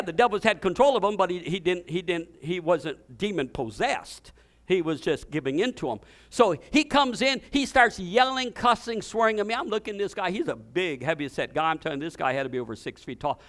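Man, pastor, storytelling sermon, very high pitch, fervent, restarts his words. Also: pushed and bright.

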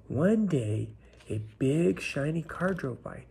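A man reading a children's picture book aloud, unhurried, often dropping to a whisper. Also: on the high side, animated, creaky, a little mellow, breathy edge. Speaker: storybook reader. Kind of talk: children's story read aloud.

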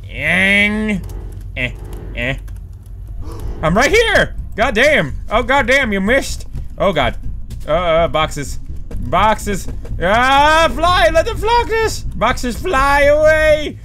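Excitable high-voiced gamer man. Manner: excitable, swears a lot, yelps and cheers at the game. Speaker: let's play gamer. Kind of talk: casual gameplay commentary.

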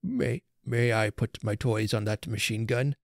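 A man's voice: mid-range voice, unhurried, gravelly, dry recording, studio quality. A man reading aloud as a frightened, humble old Father Christmas, speaking timidly and apologetically. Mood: timid pleading. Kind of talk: storybook reading.

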